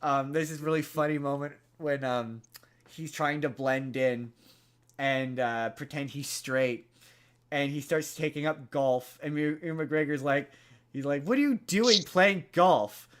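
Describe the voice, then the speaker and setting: A man's voice: mid-range voice, flat delivery, unhurried, clear, resonant tone. A man hosting a podcast, casually retelling a movie's plot in a rambling way, full of fillers and restarts. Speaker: podcast host.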